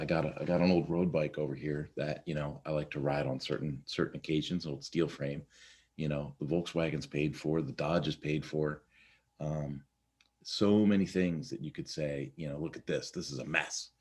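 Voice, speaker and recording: A man's voice: a bass voice, darkish tone, breathy edge. A man hosting a casual morning check-in, talking in a rambling, conversational way with lots of fillers and restarts. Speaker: podcast host.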